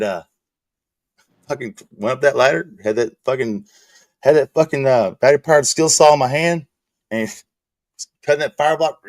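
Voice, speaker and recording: A man's voice: medium pitch, dry recording. A middle-aged man telling rambling, profane work stories in casual chat as a stream host. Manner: rambling, profane, laid-back.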